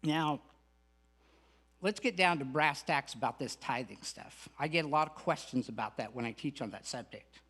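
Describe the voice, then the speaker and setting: A man's voice: mid-range voice, moderate pace, fairly bright tone, husky. A middle-aged man gives an earnest, folksy spiritual lecture with humorous asides as a guest speaker at a spiritual center.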